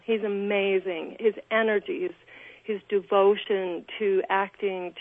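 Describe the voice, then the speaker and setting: An actress guest with a medium-pitched voice is interviewed over a tinny phone line, with no echo. She gushes and frequently restarts her sentences.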